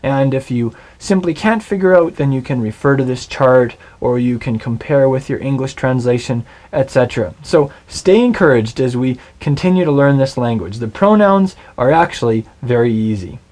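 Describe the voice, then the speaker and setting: A middle-aged man teaching a recorded Hebrew lesson, patient and clear, slowing down to spell out Hebrew words. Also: mid-range voice, expressive, a little mellow.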